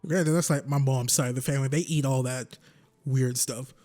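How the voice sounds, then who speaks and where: A man's voice: medium pitch, steady tone, moderate pace, a little mellow, faint music behind. A man in his twenties rambling and joking as he commentates a video game. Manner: rambling, joking, talks to himself. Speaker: gaming YouTuber.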